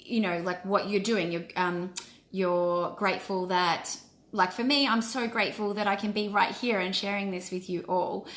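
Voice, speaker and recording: A woman's voice: mid-range voice, fairly even intonation, normal speed, a bit bright. A woman in her forties, a wellness coach, giving an earnest and encouraging casual live-stream talk. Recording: roomy echo.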